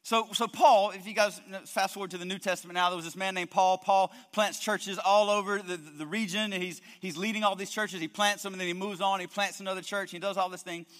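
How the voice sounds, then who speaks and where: A man's voice: high voice, fairly even intonation, fast, hardly any pauses, a bit bright. Emphatic male pastor in an echoing hall. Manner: emphatic preaching with frequent word repetitions. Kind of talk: sermon. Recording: long hall reverb.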